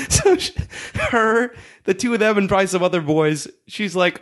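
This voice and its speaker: A man's voice: high-pitched, sing-song, normal speed, fairly bright tone. A young man hosting a podcast, telling a story in casual chat, laughing often and acting out the voices of the people in it. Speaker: podcast host.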